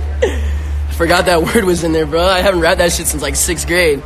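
A man's voice: a little high, normal speed. A young man on a casual live stream, a musician talking loosely in slang on his phone. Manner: slangy and loose, raps and sings along. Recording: loud music playing behind.

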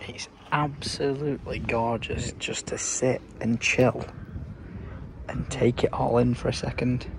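A man's voice: medium pitch, fairly even intonation, measured pace, vocal fry. A young man from England, cheerfully vlogging a road trip with his dad in a jokey, casual way. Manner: upbeat, jokey, swears casually. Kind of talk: casual travel vlog. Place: camper van and service stations. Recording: outdoor traffic noise.

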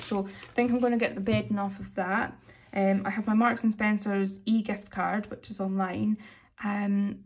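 Chatty British woman, slightly hoarse. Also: medium pitch. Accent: British English. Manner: chatty, self-narrating, counting money aloud. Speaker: budgeting vlogger. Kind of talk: casual chat while cash stuffing.

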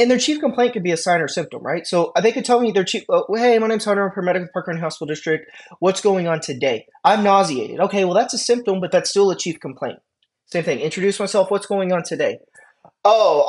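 A high-pitched man, a paramedic instructor, gives a conversational classroom lecture. He keeps checking in with "right?" and "okay?" and acts out quick exchanges with patients.

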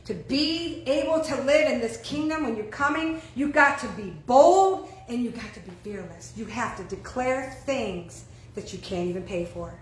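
A woman with a high voice preaches a lively sermon. She keeps throwing questions out to her congregation. The room around her is echoey. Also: normal speed, hardly any pauses. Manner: animated, calls out questions to the congregation. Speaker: pastor.

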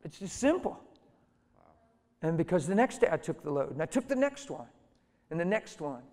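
A middle-aged man preaching a sermon through stories, dropping to hushed tones and then rising to loud, emphatic lines. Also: on the high side, very animated, normal speed. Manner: storytelling, swings from soft and hushed to loud and emphatic. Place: church hall. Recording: reverberant hall.

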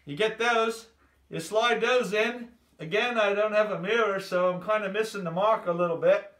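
An older man doing a hammy, deliberately bad English accent, high and bright in tone. He chats along with plenty of fillers as he demonstrates something at home. The sound is echoey and comes from a little way off the mic. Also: distant mic. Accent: put-on bad English accent. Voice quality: hammy, chatty, filler-heavy. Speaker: drummer. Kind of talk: jokey home demo video.

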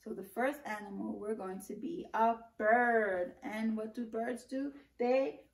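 A woman leading a preschool circle-time lesson, with an encouraging sing-song manner, speaking slowly and clearly to young children. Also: fairly high pitch, steady tone, reverberant, far from the mic, rough recording. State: out of breath. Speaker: preschool teacher.

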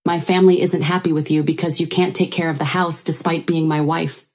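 A woman's voice: low voice, level tone, a little fast, darkish tone. A woman voicing a cold husband who brushes off his wife's feelings. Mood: dismissive. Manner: cold, dismissive.

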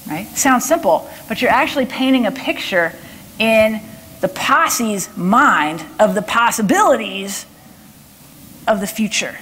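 A woman from Texas giving a lively conference talk to an audience, taking questions and often checking in with "okay?". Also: fairly high pitch, measured pace, a little hiss or hum. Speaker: body language speaker.

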